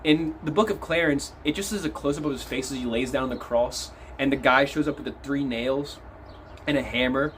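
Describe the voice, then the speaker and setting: A man giving a casual, animated film review, swearing freely as he retells scenes. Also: medium pitch, a little fast, slight background noise, poor audio. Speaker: movie reviewer.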